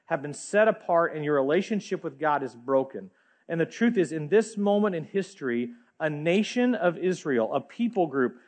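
Storytelling preacher with a slightly high voice. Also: male voice. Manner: vivid storyteller, addresses the congregation directly. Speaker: pastor. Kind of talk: sermon storytelling.

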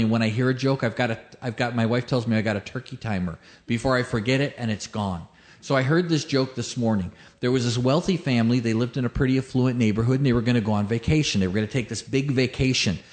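Emphatic male preacher, mid-pitched. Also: fast talker, a little mellow. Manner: emphatic, builds with repeated phrases and rhetorical questions; tells a joke as a story. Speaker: pastor. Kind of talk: sermon.

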